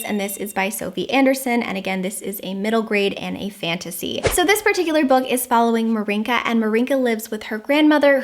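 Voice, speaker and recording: An American woman giving enthusiastic, casual book recommendations, stretching words for emphasis. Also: fairly high pitch. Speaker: book reviewer.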